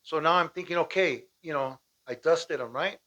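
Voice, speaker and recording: A man from Southern California telling a personal story in a casual, animated way, often asking "right?" and acting out shouted lines. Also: fairly high pitch, normal speed, highs cut off. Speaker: storyteller recounting a personal escape. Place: at home with dogs nearby.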